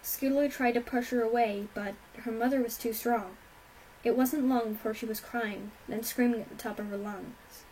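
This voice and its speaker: A woman's voice: a little high, moderate pace, a little hiss or hum, low-quality recording. Woman reading a storybook aloud. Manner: steady, plain reading with small slips. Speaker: reader. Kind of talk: storybook narration of fan fiction.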